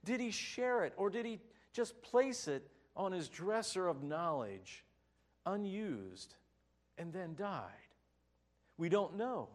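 A man preaching a sermon, telling the story with expressive delivery and rhetorical questions. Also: high-pitched, takes it slowly.

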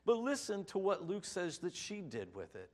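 Male preacher, sermon delivery, animated, slightly high, rhetorical questions. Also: moderate pace. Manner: expressive storytelling, rising rhetorical questions.

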